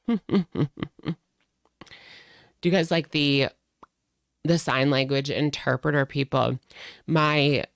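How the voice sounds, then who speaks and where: A woman's voice: deep voice, fairly even intonation, slow pace, creaky, long pauses, dry recording, studio quality. A young woman hosting a live stream, chatting casually in a rambling way and greeting viewers by name.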